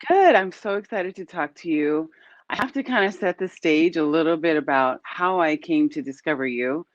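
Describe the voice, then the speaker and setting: A middle-aged woman hosting an interview, chatty and animated as she tells a story over a video call. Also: low-pitched, normal speed, no echo. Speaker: host. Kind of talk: casual interview chat. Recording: dry, dull lo-fi call audio.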